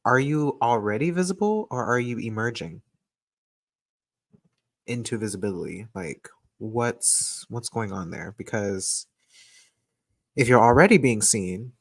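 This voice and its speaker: A person reads astrology and tarot casually for a live stream, medium-pitched and a little slow with long pauses, close to a desk mic in a dry recording. They're playful and talkative and laugh a lot.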